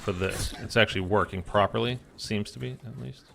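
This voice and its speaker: Gravelly-voiced male gaming streamer. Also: fairly low pitch, brisk, noisy background. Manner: rambling, filler-heavy, chatty. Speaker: gaming YouTuber. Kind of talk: casual gameplay commentary.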